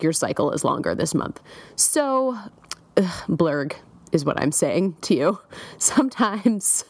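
A woman's voice: medium pitch, dry recording. A young woman recording a personal diary, chatty and rambling, with many fillers and wry self-mocking asides. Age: young adult. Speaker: diarist.

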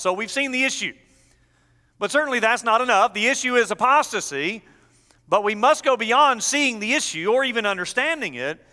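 A man's voice: sits high, bright, forceful tone, in a large hall. A man preaching an expository sermon as pastor, teaching with emphatic delivery.

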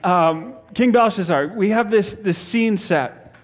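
A man's voice: sits high, slow. A man preaching a sermon as a pastor, upbeat and playful, laughing easily as he leads the talk.

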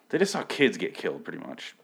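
A man's voice: sits low, vocal fry, husky. A young man giving a blunt, profane, joking recap of a TV episode in a rambling casual style. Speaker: TV show recap vlogger.

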